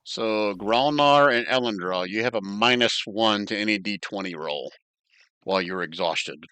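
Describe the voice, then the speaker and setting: A man's voice: on the low side, normal speed, sharp tone, clear, resonant tone, no room sound. A man acting as game master, running an online tabletop game in a chatty, joking way and thinking aloud as he works the map.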